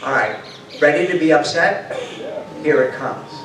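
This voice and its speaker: An older man giving a storytelling talk to an audience, a lively speaker who acts out quotes and puts questions to the room. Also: a little high, measured pace, over music. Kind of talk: storytelling lecture. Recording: roomy hall sound from far off.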